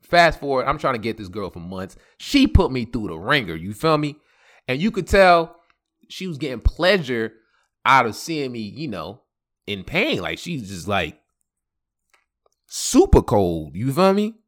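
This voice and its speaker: A man's voice: medium pitch, sing-song, measured pace. A young man hosting a podcast, telling a personal story in heavy slang, laughing often. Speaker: podcast host. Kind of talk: casual storytelling.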